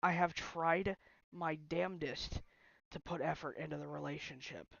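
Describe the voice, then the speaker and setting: A young man venting at home in an emotional vlog rant, frustrated and halting, often restarting his sentences. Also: a little high, creaky, a bit bright, dry recording, dull audio. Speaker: vlogger. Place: bedroom at home.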